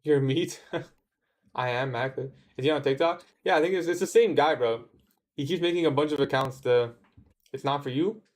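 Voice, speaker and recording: A man's voice: mid-range voice, moderate pace. A young man chatting casually on his day-trading livestream, answering viewer comments in a laid-back way. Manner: laid-back, says "bro" often, talks back to chat.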